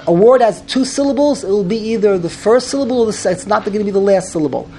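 A man's voice: high voice, lively intonation, fast talker, noisy background. Casual male teacher, informal class, frequent restarts and repetitions. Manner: repeats words, restarts, demonstrates chanting. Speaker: Torah reading teacher.

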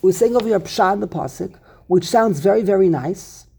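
A man's voice: high-pitched, fairly quick, vocal fry, mellow, breathy edge. A man teaching a Torah text class, explaining verses emphatically and repeating words for stress. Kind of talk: Talmudic-style text study class.

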